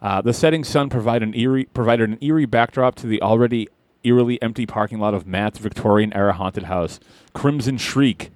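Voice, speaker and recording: A man's voice: medium pitch, brisk, a little mellow, no room sound. A man hosting a casual podcast, running through listener requests and reading a story aloud. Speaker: podcast host.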